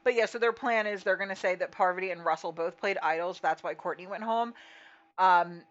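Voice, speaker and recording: A woman's voice: on the low side, a little fast. A woman co-hosting a podcast in casual chat, easygoing with wry, sarcastic asides. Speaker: podcast co-host. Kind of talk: casual chat recapping a reality show. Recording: slightly dull lo-fi audio.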